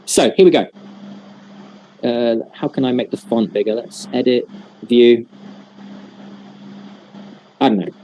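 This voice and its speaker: A man's voice: medium pitch, unhurried, pauses often, dark tone, slight background noise. A man leading a teacher-training workshop over a video call, explaining patiently and demonstrating with examples.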